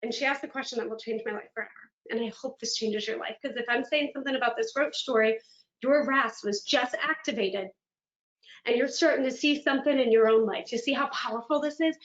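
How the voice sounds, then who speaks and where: A woman motivational speaker giving a virtual keynote, telling stories in an animated, dramatic way. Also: a little high, a little fast. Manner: animated, dramatic storytelling with laughs. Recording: echoey room, dull lo-fi sound.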